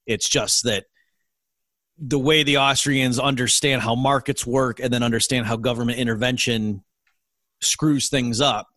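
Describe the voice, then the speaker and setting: A man's voice: mid-range voice, steady tone, unhurried, sharp tone, no room sound. Earnest middle-aged man explaining, dry sound. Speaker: economist guest. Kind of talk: interview answers.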